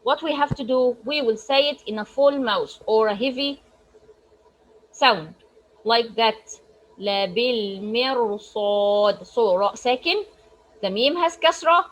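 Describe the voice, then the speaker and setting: A woman teaches recitation rules over a video call. Her voice sits high, and she explains step by step, often restarting her sentences and sounding words out. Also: expressive, poor audio. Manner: explains slowly with frequent restarts, models Arabic words aloud. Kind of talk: online tajweed lesson.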